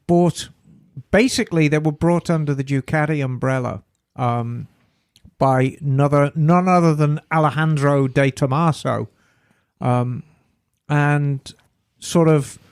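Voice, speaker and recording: A woman's voice: low-pitched, a little mellow, no room sound, studio quality. A woman co-hosting a podcast, chatting casually and enthusiastically, and wandering off into side details. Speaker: podcast co-host. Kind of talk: casual chat.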